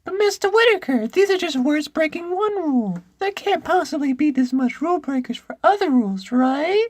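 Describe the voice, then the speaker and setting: A young schoolboy whines and pleads with his teacher in a squeaky, very high-pitched voice. His eager voice leaps up and down. The recording is dry and close. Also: expressive, normal speed, a little mellow, dry recording. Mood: pleading.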